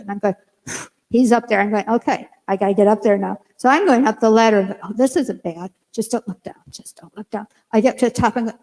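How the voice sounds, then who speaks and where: An older woman minister preaching a sermon, telling a lively personal story and acting out her own lines in a church sanctuary. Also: a little high. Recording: long hall reverb.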